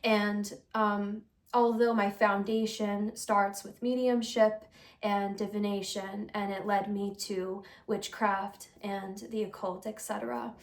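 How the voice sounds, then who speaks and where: A woman's voice: medium pitch, flat delivery, slow. A young woman who reads tarot, chatting casually to camera in a rambling, confessional way, full of fillers and giggles. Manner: earnest and confessional. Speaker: tarot reader and channel host. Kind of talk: casual vlog chat.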